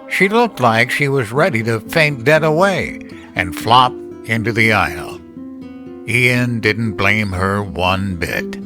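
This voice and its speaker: A man narrates a horror story at a slow, unhurried pace, his mid-pitched voice steady and deliberate. A clear music bed plays beneath him.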